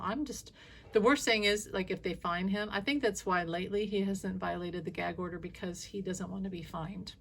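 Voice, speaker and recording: A woman giving a casual, opinionated monologue as a spiritual reader, blunt and animated, swearing freely. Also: mid-range voice, normal speed, gravelly, husky.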